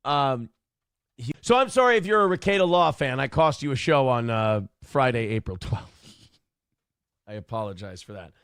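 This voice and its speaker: A man's voice: medium pitch, expressive, moderate pace, fairly bright tone, clear, resonant tone, dry recording, studio quality. A man hosting a live-streamed morning talk show, sarcastic and combative, over and over saying he is sorry. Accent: Upper Midwest American. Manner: repeatedly apologizing, sarcastic and combative.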